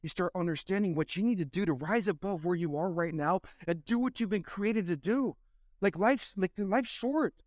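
A man's voice: sits high, normal speed, no room sound, studio quality. A man, a former pro athlete, giving a fervent motivational answer in a podcast interview, circling back to the same phrases like a preacher. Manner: impassioned, repetitive, preacher-like delivery. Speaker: podcast guest, former baseball player.

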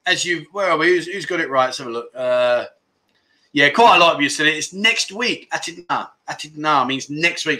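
A man's voice: on the high side, expressive, moderate pace, bright, forceful tone. A man hosting a casual livestream, reading viewer comments aloud and bantering jokily with chatty fillers. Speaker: livestream host.

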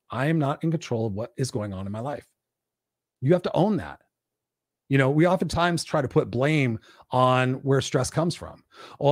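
A man's voice: a little mellow, no echo, clean studio sound. A tired man hosting a live stream, giving a preachy motivational talk and answering his own questions. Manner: acts out whiny quoted complaints in a high voice. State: tired and burned out. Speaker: host of a weekly live stream; parent.

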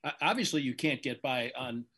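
Husky-voiced older male sportscaster. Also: medium pitch, animated, pushed and bright. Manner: measured, analytical, emphatic. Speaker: veteran sports broadcaster guest. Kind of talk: interview.

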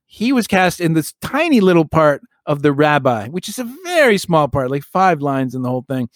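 A man's voice: fairly high pitch, big pitch swings, moderate pace, no echo, studio quality. A middle-aged man co-hosting a podcast in casual chat, joking and exaggerating for fun. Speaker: podcast co-host.

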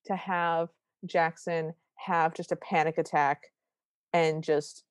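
A woman's voice: low-pitched, slow, smooth, dry recording, studio quality. A woman co-hosting a podcast, retelling a movie scene by scene in casual chat and acting out the characters' lines. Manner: animated retelling with quoted lines. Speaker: podcast co-host.

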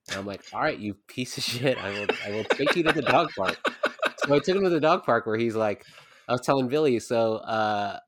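A man's voice: fairly low pitch, no room sound, studio quality. Profane, rambling man chatting on a podcast. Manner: rambling, profane, laughs through anecdotes. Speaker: podcast co-host. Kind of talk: casual chat.

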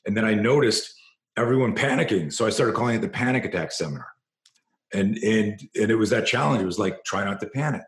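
Deep-voiced passionate male self-defense coach. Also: fairly quick, roomy sound. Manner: passionate, profane, repeats himself at restarts. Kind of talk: storytelling interview guest.

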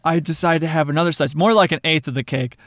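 A man's voice: a little high, fast, no room sound, clean studio sound. A man co-hosting a podcast in casual chat, chatty and self-deprecating, laughing often as he talks. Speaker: podcast co-host. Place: San Diego.

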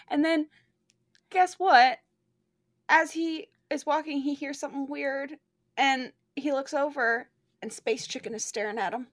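A young woman with a lilt, talking in a casual, gushing ramble full of "like" and the odd curse. Her voice sits a little high, and the recording is close and dry with no room sound. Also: animated, moderate pace, dry recording. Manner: gushing, swears freely, many fillers. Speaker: podcast co-host reviewing a book. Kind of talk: casual chat.

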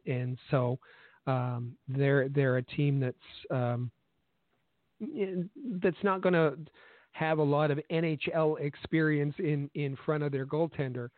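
A man co-hosting a sports radio podcast, speaking haltingly with frequent ums and restarts. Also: mid-range voice, dry recording. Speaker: podcast co-host. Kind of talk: casual sports radio commentary. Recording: tinny phone-like line, dry.

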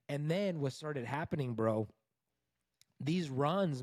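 A man in his thirties tells a story in a relaxed interview, his voice sitting a little high for a man and staying lively as he talks. He talks loosely, throwing in "like" and "bro" as he goes. The recording is dry and close, with almost no room sound. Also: takes it slowly, long pauses, dry recording. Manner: animated, conversational, fillers like "like" and "bro". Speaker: divorce recovery coach, podcast guest.

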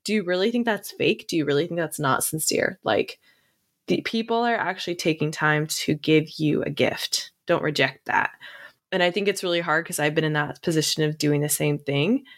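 Chatty lower-pitched woman counselor. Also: normal speed. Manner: chatty, reassuring, laughs often. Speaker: podcast co-host, counselor. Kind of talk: casual chat.

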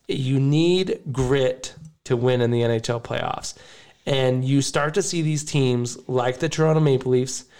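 A man's voice: medium pitch, darkish tone. Male podcast host, casual chat, rambling, emotional, laughs a lot.

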